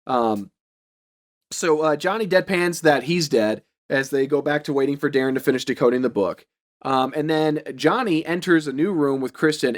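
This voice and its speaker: A man's voice: on the high side, brisk. A man co-hosting a podcast, recapping a film's plot in casual chat and slipping into silly voices for the quotes. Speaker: podcast co-host recapping a film.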